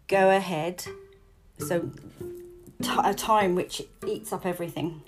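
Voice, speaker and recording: A woman's voice: lowish voice, fairly even intonation, unhurried, long pauses, music in the background. A woman teaching a poetry lesson, reading lines aloud and rephrasing them in a chatty way. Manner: chatty, stops to explain and rephrase.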